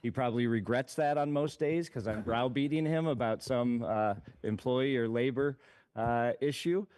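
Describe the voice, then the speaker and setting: A university regent making remarks at a board meeting, halting with fillers and teasing with heavy sarcasm. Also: male voice, medium pitch, darkish tone, clear, resonant tone. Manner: joking, teasing, with many fillers.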